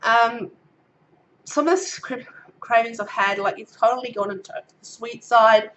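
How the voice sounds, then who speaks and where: A woman's voice: fairly high pitch, steady tone, a little slow, fairly bright tone, dull audio. A woman in her thirties with an Australian accent, giving a casual pregnancy update to camera, a little out of breath and getting over a cold, chatty with many ums as she reads her notes. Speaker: vlogger.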